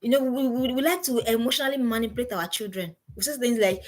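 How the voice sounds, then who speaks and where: A woman's voice: on the high side, fast talker, few pauses, darkish tone. A middle-aged woman, a parenting coach, gives an emphatic seminar talk and repeats her key points as commands.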